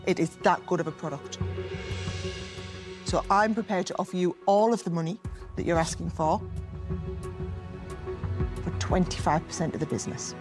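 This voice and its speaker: A woman's voice: fairly low pitch, normal speed, long pauses. A woman, an investor speaking in an enthusiastic and direct way. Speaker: investor on a panel. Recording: music underneath.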